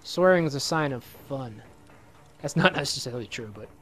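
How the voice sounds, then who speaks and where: A man casually commenting on his own gameplay, excitable and swearing a lot, with a slightly hoarse voice. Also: medium pitch, moderate pace. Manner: excitable, swears a lot, sudden loud outbursts. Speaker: let's play gamer.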